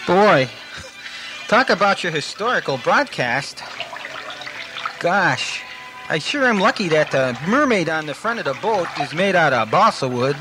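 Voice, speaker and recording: A man's voice: fairly high pitch, sing-song, a little slow, music in the background, low-quality recording. A man playing a goofy, naive radio DJ hero in a comedy radio serial, with a dim, drawling, easily puzzled way of talking. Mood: cheerful.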